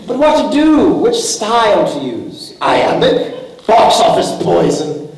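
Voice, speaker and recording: A man's voice: high-pitched, big pitch swings, takes it slowly, a little mellow, a little hiss or hum, full character voice. A young man playing a vain hammy pirate captain. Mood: playful. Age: young adult. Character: flamboyant vain male pirate captain, theatrical and menacing. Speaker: student actor. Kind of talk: stage play performance. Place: school stage in a hall. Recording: echoey hall, from far off.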